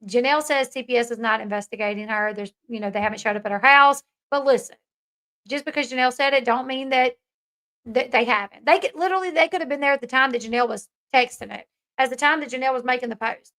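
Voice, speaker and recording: A woman's voice: high voice, fast, a bit bright. A woman hosting a casual commentary talk, chatty and opinionated, reading out viewer comments as she goes. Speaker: host.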